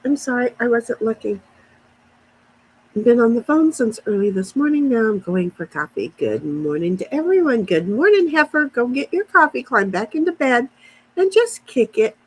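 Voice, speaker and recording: Her voice is on the high side, with lively intonation, a breathy edge, and a normal speaking speed. She's a livestream host chatting casually outdoors in a backyard, rambling as she replies to comments from her chat on a phone, and the recording is low quality.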